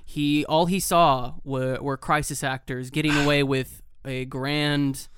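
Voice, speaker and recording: A man co-hosting a casual chat, speaking in a wry, low-key way. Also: little pitch movement, measured pace, fairly bright tone, smooth, no echo, clean studio sound.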